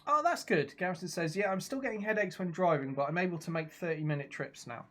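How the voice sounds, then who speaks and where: A young man with a slightly high-pitched voice plays a video game on a live stream from his home. He talks casually, reacting out loud to every turn and reading his viewers' messages back to them. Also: fast talker. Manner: chatty, reacts aloud to the game and reads out chat.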